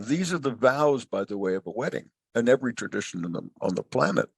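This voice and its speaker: Older male guest, gravelly voice, dry close sound, reflective storyteller. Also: medium pitch, lively intonation, fast, hardly any pauses, no echo. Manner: expansive, philosophical, storytelling. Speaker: guest, family wealth advisor. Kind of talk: reflective interview talk.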